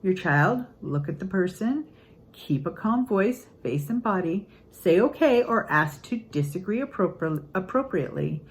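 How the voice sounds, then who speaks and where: Earnest grandmother with a low voice. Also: unhurried, poor audio. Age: older. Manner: earnest, upbeat, acts out quotes with lively voices. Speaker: parenting channel host. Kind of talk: casual teaching talk.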